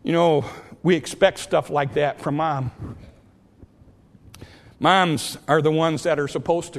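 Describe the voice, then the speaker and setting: High-voiced man preaching a sermon. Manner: preachy, rising to impassioned peaks and dropping to quiet asides. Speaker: pastor.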